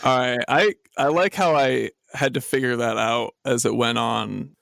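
A man's voice: medium pitch, measured pace, creaky, fairly bright tone, no echo, clean studio sound. A man moderating a comedy podcast debate, playful and giggly, drawing out his teasing remarks. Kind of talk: casual comedy podcast chat.

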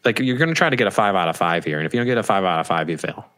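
Male podcast co-host, slightly low voice, rambling and profane banter. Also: animated, racing, a bit bright. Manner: rambling and joking, swears freely.

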